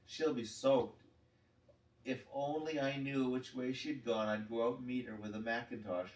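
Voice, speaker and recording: A man's voice: mid-range voice, steady tone, normal speed, a little mellow, far from the mic, close to an everyday voice. An impulsive, kind-hearted schoolgirl, fretful and full of self-reproach, as a man reads her aloud. The storybook voice sounds roomy and set back from the mic. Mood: guilty, worried. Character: impulsive schoolgirl, kind but guilty and worried.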